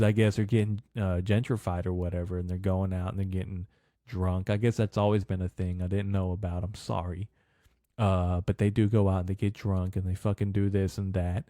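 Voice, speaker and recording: A man's voice: fairly low pitch, dark tone, no echo, studio quality. A young man hosting a podcast, rambling casually and cursing constantly. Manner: loose, profane, rambling with frequent "bro" and "dude". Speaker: podcast host.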